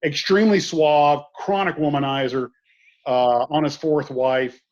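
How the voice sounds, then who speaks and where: A man's voice: fairly high pitch, steady tone, measured pace, a little mellow. Folksy man on a lo-fi call. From southern US. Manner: rambling storyteller, folksy asides. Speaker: guest. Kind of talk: casual conversation.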